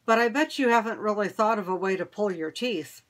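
A woman's voice: medium pitch, brisk, lightly acted. A woman voicing a grumpy young schoolboy who talks bluntly and scowls, in a storybook reading. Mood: grudging.

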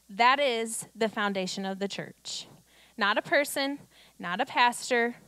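A woman's voice: mid-range voice, fairly bright tone, no echo. A woman pastor delivering a conversational sermon, reading scripture and building to emphatic declarations.

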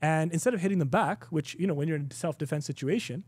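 Middle-aged male teacher, relaxed and conversational, slightly high and warm, dry close sound. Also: fast talker, breathy edge, no echo. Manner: conversational, laughs often, many restarts and "you know"; acts out quoted exchanges in a raised voice. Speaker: Islamic teacher. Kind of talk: informal recorded class.

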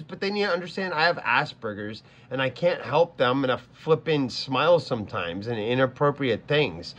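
A man's voice: mid-range voice, animated, normal speed, hardly any pauses, a bit bright. A man streamer talking casually to his chat, flustered and stammering as he repeats himself. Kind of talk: casual livestream talk to chat.

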